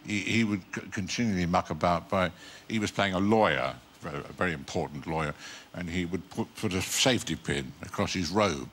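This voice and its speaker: A man's voice: low-pitched, brisk, hardly any pauses, a bit bright, a little hiss or hum. An older man, a guest actor on a TV talk show, telling wry anecdotes in a dry, chuckling way. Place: TV studio with live audience.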